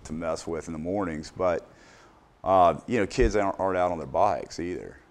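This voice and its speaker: Middle-aged man, very low voice, hesitant interview guest. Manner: unhurried, hesitant, many fillers and restarts. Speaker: business owner, interview guest. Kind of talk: casual interview answers.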